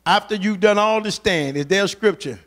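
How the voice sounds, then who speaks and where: High-voiced fervent male preacher. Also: normal speed, a bit bright. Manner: fervent, urging the congregation in call-and-response; colloquial, repeats phrases for emphasis. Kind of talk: sermon.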